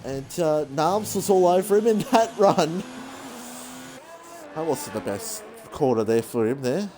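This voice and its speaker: A man giving rambling, excitable live commentary on an online racing league, saying he is out of breath. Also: on the high side, unhurried, slight background noise. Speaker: race commentator.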